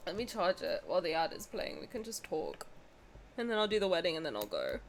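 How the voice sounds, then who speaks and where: A woman's voice: on the low side, huge pitch swings, brisk, a little hiss or hum. A young woman streaming a casual reaction, emotional, laughing often and swearing freely.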